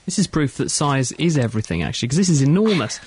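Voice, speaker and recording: Quick British man, jokey presenter. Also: on the high side, expressive, darkish tone, husky, no room sound. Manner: jokey, stumbling questions. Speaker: radio presenter. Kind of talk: radio science discussion.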